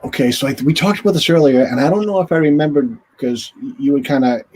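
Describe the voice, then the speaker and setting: A man's voice: fairly high pitch, lively intonation, fast talker, darkish tone. A man, a former hockey goaltender, telling a long story casually as an interview guest and acting out the voices of the people in it. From northern United States.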